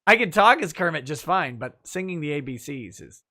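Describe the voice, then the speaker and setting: A man's voice: fairly high pitch, expressive, fairly quick, bright, forceful tone. A man hosting a casual livestream talk show, reading viewer messages aloud and laughing often.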